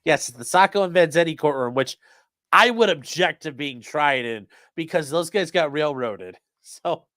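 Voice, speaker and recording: A man with a slightly high, expressive, somewhat bright voice speaks at normal speed in a recording without echo. A former defense attorney, he gives loose, profane live-stream commentary on a trial, acting out courtroom exchanges.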